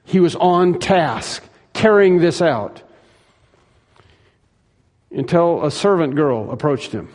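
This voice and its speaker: A man's voice: fairly high pitch, animated, takes it slowly, long pauses, a little mellow, big-room sound. A man preaching a sermon emphatically, repeating phrases for stress and acting out quoted lines. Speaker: pastor.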